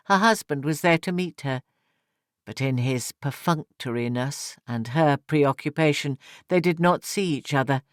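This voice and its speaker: A male audiobook narrator tells a classic story in a measured, steady way. His delivery is slow and unhurried. The close studio mic gives a dry sound with no room echo. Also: fairly high pitch, clear, resonant tone. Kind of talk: scripted literary narration.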